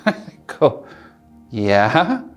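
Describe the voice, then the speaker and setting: A middle-aged man telling a personal story in an interview, earnest and reflective, pausing and restarting as he speaks. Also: medium pitch, sing-song, faint music behind. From Alberta, Canada. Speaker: interviewee, community leader.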